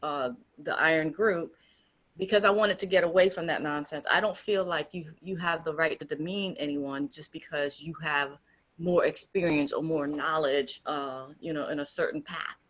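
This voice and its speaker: Low-pitched woman co-host, emphatic, keeps restarting her sentences. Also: normal speed, fairly bright tone. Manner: earnest, emphatic, with frequent restarts. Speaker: group founder and co-host. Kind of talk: casual discussion.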